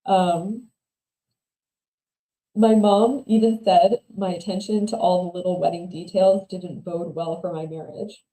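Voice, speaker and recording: A woman's voice: fairly low pitch, fairly even intonation, a little slow, dark tone, reverberant, poor audio. A woman livestreaming as she reads and reacts to online stories, chatty and opinionated, laughing often and trailing off into mumbles. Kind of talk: casual livestream commentary.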